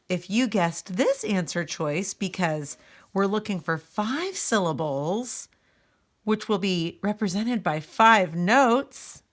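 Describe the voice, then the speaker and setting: A woman's voice: medium pitch, very animated, slow. A woman music teacher giving a recorded lesson, patiently explaining step by step and speaking straight to her students.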